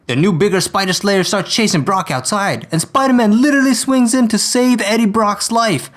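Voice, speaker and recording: High-ish guy narrating a cartoon recap, playful and sarcastic. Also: normal speed, hardly any pauses. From outside the United States. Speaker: video host.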